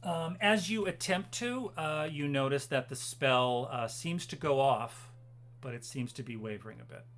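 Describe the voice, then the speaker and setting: Zögernder Spielleiter mit heller Stimme. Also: male voice, mid-range voice, moderate pace, a bit bright. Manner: hesitant, full of ums and uhs. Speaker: game master. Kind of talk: narrating a tabletop game.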